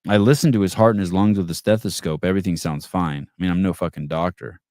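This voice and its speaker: He's a podcast host and an adult with kids, running a casual live call-in chat where he reads out viewer comments. He talks fast in a low, slightly mellow voice, stays blunt and profane, and frequently restarts words. The audio is studio quality with no echo.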